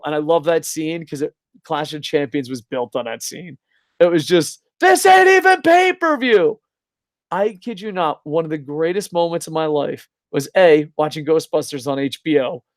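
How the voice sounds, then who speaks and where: A man from New Jersey co-hosting a casual podcast, with a somewhat high voice. He talks in a profane, excitable way and bursts into loud announcer impressions. The sound is dry and close. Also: no room sound. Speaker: co-host.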